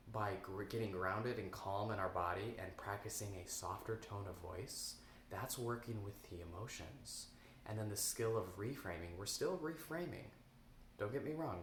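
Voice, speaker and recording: A man coaching viewers in an instructional talk, earnest, repeating key phrases and slowing down to stress them. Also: lowish voice, reverberant, slight background noise. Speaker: eating coach.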